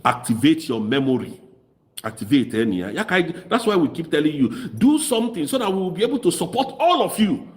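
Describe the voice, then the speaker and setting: A man's voice: fairly high pitch, very animated, brisk. A man with a Nigerian Igbo accent giving fiery, mocking political commentary. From southeast Nigeria. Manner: mocking, impassioned, switches into Igbo.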